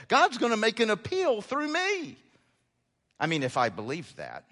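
A man preaching a sermon as pastor, emphatic, often repeating words and climbing sharply in pitch on his key lines. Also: wildly swooping pitch, normal speed, sharp tone. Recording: long hall reverb.

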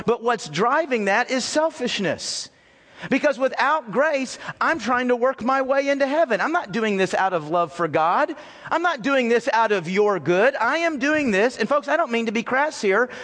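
A man with a notably high speaking voice delivers an earnest sermon, repeating key phrases for emphasis. His words ring out with a long reverb trailing behind, as in a church hall. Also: expressive, moderate pace, a bit bright. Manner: earnest, repetitive, addresses listeners as folks. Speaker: pastor. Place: church sanctuary with chairs.

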